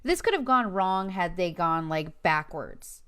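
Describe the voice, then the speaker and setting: Animated woman podcast co-host. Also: on the low side, a little slow, smooth. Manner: animated, talks over others, acts out quotes. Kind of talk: casual chat.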